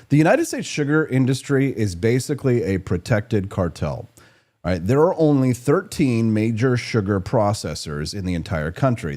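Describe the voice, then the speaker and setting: A man's voice: fairly low pitch, darkish tone. A man hosting a political talk show, delivering a sarcastic, jokey monologue. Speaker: radio show host.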